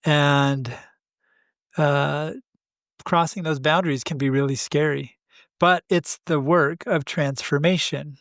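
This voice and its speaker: Man, podcast co-host, reflective spiritual talk, slightly high voice, dry close sound. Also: steady tone, fairly bright tone, dry recording. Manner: thoughtful, unhurried, frequent "uh" pauses.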